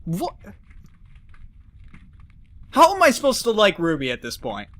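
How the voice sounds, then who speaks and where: Exasperated, swearing game commentator. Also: male voice, high-pitched, huge pitch swings, takes it slowly, pauses often, a bit bright, no room sound. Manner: profane, exasperated ranting with jokes. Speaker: let's play commentator. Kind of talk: casual gameplay commentary.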